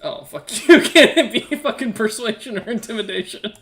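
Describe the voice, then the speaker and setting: Male player, slightly high voice, earnest, stumbling in-character pitch. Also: animated, normal speed, a bit bright, a little hiss or hum. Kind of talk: in-character persuasion in a tabletop game.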